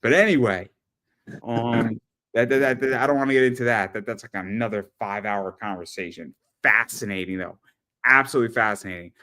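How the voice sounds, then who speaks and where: A man hosting a casual podcast chat, rambling and animated, often repeating words as he tells stories. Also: lowish voice, fairly quick. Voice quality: rambling, animated storyteller with frequent stammered repeats. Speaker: podcast host.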